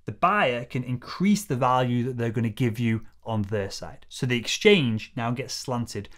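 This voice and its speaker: A man's voice: mid-range voice, a little slow, fairly bright tone. A man teaching sales, talking in a confident, coaching way and acting out short exchanges between buyer and seller. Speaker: sales trainer. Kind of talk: scripted sales tutorial to camera.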